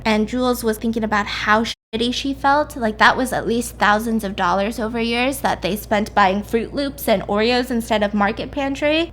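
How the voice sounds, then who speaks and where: A woman's voice: a little high, fairly bright tone, slight background noise. A young woman casually recapping a mystery novel, chatty and swearing freely as she acts out the characters' lines. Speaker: YouTuber retelling a mystery novel.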